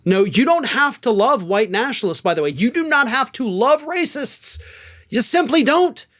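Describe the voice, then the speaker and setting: A man from the American South hosting political commentary, sarcastic and animated, with lots of rhetorical questions. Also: extremely high pitch, moderate pace.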